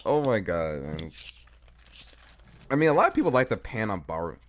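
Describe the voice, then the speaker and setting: A man hosts a loose, profane podcast chat while eating. His voice sits low but leaps up and down all over the place. He trails off and repeats himself a lot, chewing between words. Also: very animated, moderate pace, slight background noise. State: eating, talking with his mouth full. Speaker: podcast host. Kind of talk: casual chat.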